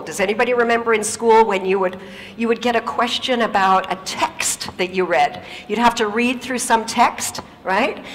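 A native English-speaking woman giving a lively stage talk, telling stories and putting questions to the audience. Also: fairly high pitch, big-room sound.

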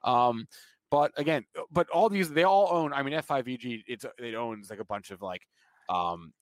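A man with a New Jersey accent co-hosting a market show, rushing through his points and stumbling over repeated words. The sound is dry and close, with no room around it. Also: medium pitch, lively intonation, no echo. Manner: quick, stumbling restarts. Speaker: co-host. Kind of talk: fast casual market talk.

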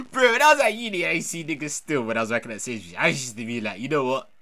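A man's voice: a little high, animated, quick pace, very noisy. A young man, in casual chat, teasing and laughing. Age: young adult.

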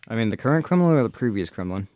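A man's voice: fairly low pitch, sing-song, very fast, darkish tone, dry recording, studio quality. A man hosting a casual podcast, reading sports headlines with many filler uhs. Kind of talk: casual chat.

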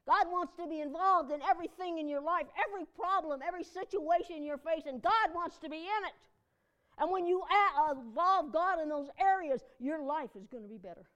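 High-voiced folksy woman pastor preaching. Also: moderate pace, fairly bright tone, lo-fi sound. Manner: chatty and folksy, often laughing, breaks into emphatic cries. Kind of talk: conversational sermon with personal stories.

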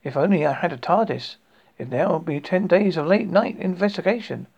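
A man's voice: high voice, a little fast, vocal fry, a little mellow. A man in his late fifties, reading his own story aloud as a horror podcast host, rambling with jokey asides and frequent restarts. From United Kingdom. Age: 50s. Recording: dull lo-fi recording.

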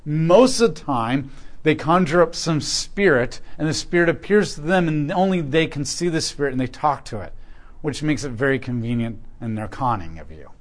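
Emphatic man preaching, slightly high. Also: animated, moderate pace. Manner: emphatic, rising and falling in loudness when reading scripture. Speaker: pastor teaching a Bible class. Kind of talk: sermon teaching.

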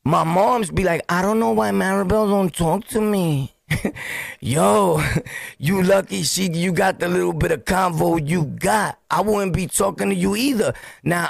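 A man's voice: sits high, creaky, no echo, clean studio sound. A man with a Brooklyn accent telling a story on his podcast, laughing and throwing in sound effects and street slang. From Brooklyn, New York. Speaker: podcast host. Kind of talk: casual storytelling.

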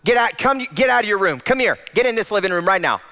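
A man putting on the voice of an exasperated father loudly ordering his son out of his room. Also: mid-range voice, very animated, rapid-fire, long reverb tail. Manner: loud, barking commands.

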